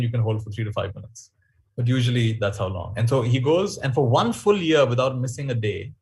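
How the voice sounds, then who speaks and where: Husky guy talking in a webinar, telling stories, pretty animated. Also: mid-range voice. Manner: storytelling, animated and reflective. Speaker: workshop speaker. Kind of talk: webinar talk.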